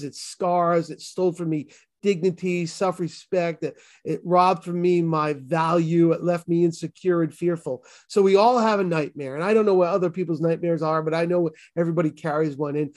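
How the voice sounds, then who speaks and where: Earnest pastor with a Boston accent. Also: male voice, a little high, a little mellow. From Massachusetts. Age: 50s. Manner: earnest, emphatic, with restarts. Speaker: pastor and author. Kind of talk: interview guest testimony.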